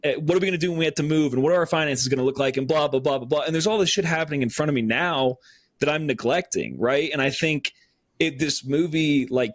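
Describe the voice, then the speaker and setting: A man's voice: medium pitch, dry recording, clean studio sound. A man co-hosting a casual podcast chat, talking earnestly and rambling with many fillers, getting choked up. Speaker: podcast co-host.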